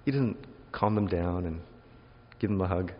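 A man delivers a sermon with a wry, lively touch, switching into voices for the people he quotes and throwing in joking asides. His voice rings out in a long hall reverb. The recording is dull and lo-fi. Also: low-pitched, moderate pace, slight background noise. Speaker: preacher.

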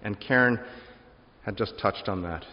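A man's voice: lowish voice, measured pace. A man preaching a sermon in a conversational way, reading scripture aloud and telling stories about his family. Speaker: pastor. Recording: dull audio with long hall reverb.

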